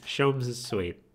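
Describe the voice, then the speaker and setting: Giggly Australian man streaming a game. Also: medium pitch. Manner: giggly, laughs often. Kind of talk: gaming commentary.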